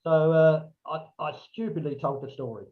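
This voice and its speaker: A man tells a long casual anecdote as a podcast guest, bringing in other people's lines in lively, raised voices. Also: a little high, normal speed. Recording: dull, lo-fi remote audio.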